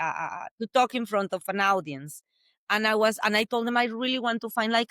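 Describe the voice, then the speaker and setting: A woman's voice: medium pitch, dry recording, studio quality. A middle-aged woman with a Spanish accent, a guest in an interview, telling stories with frequent restarts. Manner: animated storytelling with frequent restarts and laughs. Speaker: guest, entrepreneur. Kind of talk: casual interview conversation.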